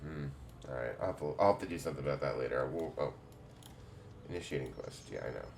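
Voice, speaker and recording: A man's voice: extremely low pitch, quick pace, gravelly, slight background noise. A man streaming a game, muttering wry, casual asides with some profanity. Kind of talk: casual gameplay commentary.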